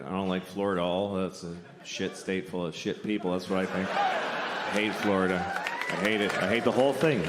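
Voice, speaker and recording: Profane male stand-up comic in a big hall. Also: lowish voice. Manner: profane, blunt, conversational, exaggerated rants. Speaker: stand-up comedian. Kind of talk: stand-up comedy set. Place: theater stage before a laughing audience. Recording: reverberant live hall with crowd noise.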